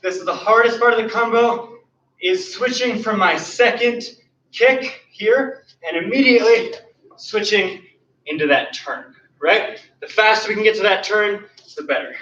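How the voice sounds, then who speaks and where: An unhurried martial arts coach with a high, bright voice teaches online, showing the kicks himself while counting and calling cues. Out of breath, he sounds far from the mic, and the roomy studio recording is dull.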